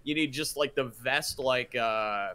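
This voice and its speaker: Bright-voiced joking young man. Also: mid-range voice, measured pace. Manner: joking, teasing, fond of doing impressions. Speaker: podcast co-host. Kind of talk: casual chat.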